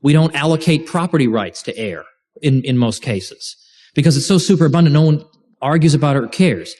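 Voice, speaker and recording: This man's voice sits fairly high, with lively intonation, a fairly quick pace and a darkish tone. He hosts an informal, university-style lecture before a live class in a lecture room, speaking animatedly, cracking jokes on the side and frequently starting sentences over.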